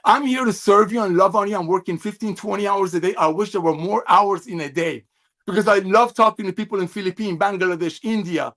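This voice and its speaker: A man's voice: sits high, a little fast, a bit bright. A middle-aged man giving a fervent, preachy sales training talk over a video call, firing off rhetorical questions and gushing praise. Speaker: network marketing trainer.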